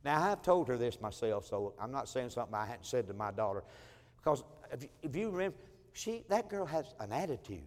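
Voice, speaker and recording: A man's voice: medium pitch, big pitch swings, a little fast. A middle-aged man preaching as pastor, telling family stories and acting out the people in them, with chuckling asides. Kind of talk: sermon. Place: church sanctuary. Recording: long church hall reverb.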